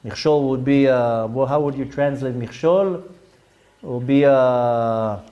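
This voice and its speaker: A man's voice: medium pitch, measured pace, lo-fi sound. A man, a rabbi giving a Torah lecture to a class, explaining step by step with terms and side notes. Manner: explanatory, with Hebrew terms and frequent asides.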